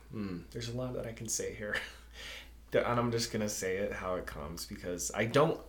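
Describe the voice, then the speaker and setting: A man co-hosting a casual podcast, speaking openly and haltingly about personal feelings, often restarting and laughing between thoughts. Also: lowish voice, a bit bright, roomy sound. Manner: open, searching, restarts often, laughs while talking. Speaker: podcast co-host. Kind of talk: casual chat.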